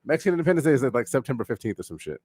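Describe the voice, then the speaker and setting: A man's voice: mid-range voice, sing-song, racing, darkish tone. A man trading sarcastic, teasing banter as a podcast co-host, his voice rising and falling freely. The sound is close and dry, with no room echo. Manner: teasing, sarcastic, laughs a lot.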